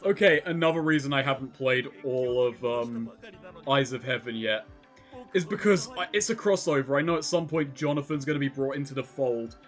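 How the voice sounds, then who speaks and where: A man's voice: medium pitch, normal speed, faint music behind. A young British man co-hosting a casual commentary chat, wry and sweary, laughing often. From Britain. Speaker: co-host.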